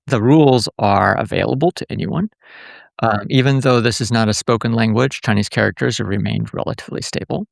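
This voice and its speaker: A man's voice: fairly low pitch, vocal fry, dry recording, clean studio sound. A man who is a professor, explaining eagerly in a podcast interview with many fillers and restarts. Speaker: guest professor.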